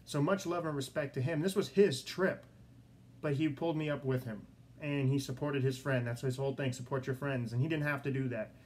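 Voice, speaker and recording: A young man hosting his own sports podcast in a studio, talking excitedly and repeating himself as he tells a story. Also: medium pitch, fairly quick. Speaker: podcast host. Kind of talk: solo podcast monologue.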